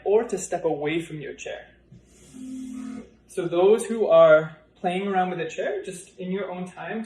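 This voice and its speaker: A male yoga teacher in a relaxed, conversational workshop demonstration, chuckling lightly as he talks through poses and cues. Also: a little high. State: a little out of breath. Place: yoga studio. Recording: roomy studio echo.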